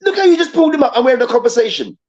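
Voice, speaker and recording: With a very high, rapid-fire voice that swings widely in pitch yet stays a little mellow, this football debate host launches into a heated, profane rant. He repeats himself emphatically, and the lo-fi audio is dull.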